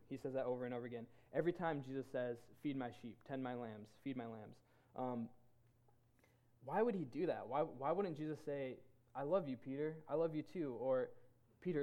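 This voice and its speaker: Mellow-voiced man giving a casual sermon. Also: medium pitch. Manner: earnest, halting, many restarts. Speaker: Bible study leader. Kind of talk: casual sermon to a men's group.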